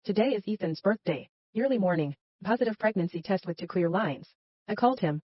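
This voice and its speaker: A woman's voice: medium pitch, expressive, brisk, husky, dry recording, highs cut off. A woman narrating a first-person romance story in a dramatic way, with sighs between lines.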